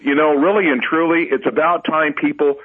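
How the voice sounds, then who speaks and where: A man's voice: a little high, fairly even intonation, brisk. A man appearing as a guest on political talk radio, speaking emphatically and exhorting listeners. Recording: husky phone-line call-in audio.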